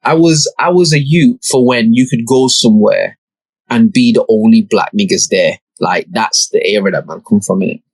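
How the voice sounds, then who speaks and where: A man's voice: on the low side, normal speed, breathy edge, no echo, poor audio. A young man, hosting a podcast and telling a story in a laid-back, slangy way with plenty of swearing. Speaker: podcast host. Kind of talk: casual storytelling.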